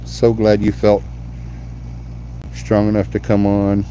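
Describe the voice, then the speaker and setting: Male host, deep voice, effusive, repetitive, casual live-stream chat. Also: completely flat delivery, slow, warm tone, slight background noise. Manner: effusive, repeats himself, talks to the chat. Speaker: host of a live paranormal show.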